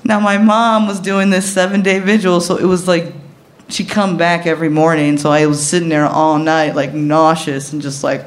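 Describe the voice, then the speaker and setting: A woman in her thirties telling a personal story, animated and profane, often laughing as she talks. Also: sits low, moderate pace.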